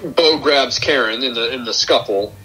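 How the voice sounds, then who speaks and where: A man's voice: medium pitch, normal speed, sharp tone, low-quality recording. A young man hosting a podcast, casually retelling a film's plot scene by scene and acting out the characters' lines. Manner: retells film plot step by step, acting out quotes. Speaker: podcast host. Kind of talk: casual film review chat.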